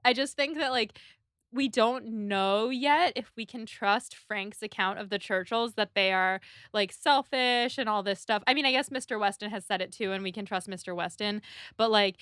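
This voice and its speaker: A chatty woman co-hosts a casual book podcast, recapping chapters with lots of "like" and quick laughs. Her voice is bright and forward, recorded close and dry. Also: mid-range voice, clear, resonant tone, dry recording. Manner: chatty, laughing, many likes. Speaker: podcast co-host.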